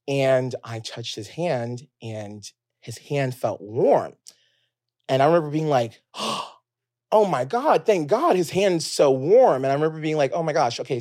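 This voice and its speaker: Chatty man telling a story, filler-heavy. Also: mid-range voice. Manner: chatty, full of "like" fillers, dramatic swings from loud to hushed. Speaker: podcast host. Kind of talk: casual storytelling monologue.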